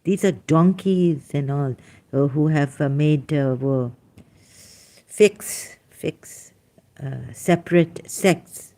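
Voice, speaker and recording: Low-pitched and slow, a middle-aged woman speaks to her livestream audience while going through the chat. Her delivery is casual, animated and emphatic, with frequent fillers.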